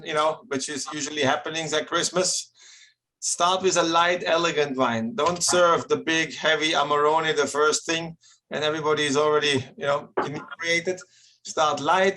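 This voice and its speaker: A man's voice: on the high side, sharp tone, slight background noise. A winemaker speaking emphatically over a video call from his winery lab. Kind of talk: casual guest talk. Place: winery laboratory.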